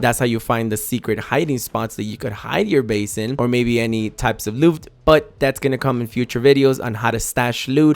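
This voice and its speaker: A man walks new players through a survival game in an easygoing tutorial voice. He is chatty and explains each step, stopping now and then to correct himself. His voice sits at an ordinary middle pitch. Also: smooth. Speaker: gaming channel host. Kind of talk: casual game tutorial commentary.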